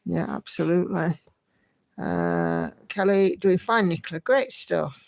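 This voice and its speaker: A woman hosts a relaxed livestream from home, greeting viewers by name in a friendly, chatty way. Her voice has a gravelly edge, and the sound is dry and close. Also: on the low side, unhurried, no echo. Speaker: livestream host. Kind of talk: casual livestream chat, reading viewer comments.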